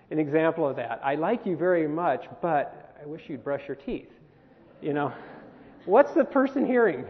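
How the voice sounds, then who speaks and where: Man teaching in a reverberant hall. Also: a little high. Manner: conversational, asks the group questions. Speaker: workshop presenter. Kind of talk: talk to a camp group. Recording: phone-quality recording in a reverberant hall.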